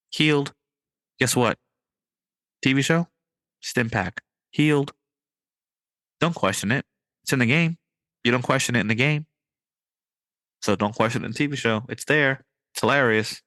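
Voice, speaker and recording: A man hosting a podcast in casual chat, excited and riffing, with his voice jumping up on punchlines. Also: mid-range voice, no room sound. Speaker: podcast host.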